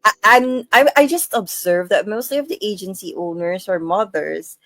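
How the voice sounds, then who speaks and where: A woman's voice: medium pitch, normal speed, a bit bright, no room sound. A woman hosting an interview podcast, affirming her guest and wrapping up with short agreements. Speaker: podcast host.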